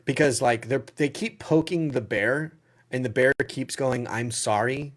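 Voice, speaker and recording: A man's voice: medium pitch, measured pace. Blunt man hosting a live Q&A. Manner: blunt, opinionated, thinks aloud. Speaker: livestream Q&A host. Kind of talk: casual livestream Q&A, answering viewer questions.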